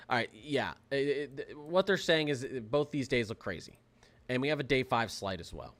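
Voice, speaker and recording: Young male livestream host, mid pitch; excitable, rambling weather commentary full of fillers. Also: normal speed.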